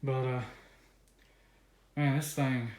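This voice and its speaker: A man in his twenties from the American South, excitedly unboxing car parts in a rambling vlog, a bit out of breath. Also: medium pitch, takes it slowly, echoey room. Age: 20s. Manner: excited, rambling, many fillers. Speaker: car vlogger.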